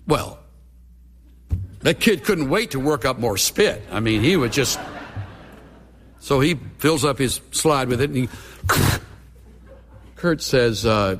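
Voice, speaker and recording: A man's voice: mid-range voice, very animated, measured pace, pauses often, fairly bright tone, in a large hall. A middle-aged man, a pastor preaching a sermon with folksy, humorous storytelling.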